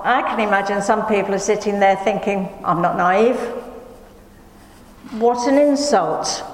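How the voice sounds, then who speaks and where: A woman preaching a sermon, slow and emphatic, asking her listeners rhetorical questions. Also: fairly high pitch, slight background noise. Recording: echoey hall from a distance.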